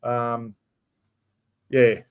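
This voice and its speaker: A man's voice: mid-range voice, monotone, very slow, clear, resonant tone. A middle-aged man with an Australian accent hosts a casual live-stream chat, talking bluntly and chattily, swearing freely and calling people mate. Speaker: livestream host.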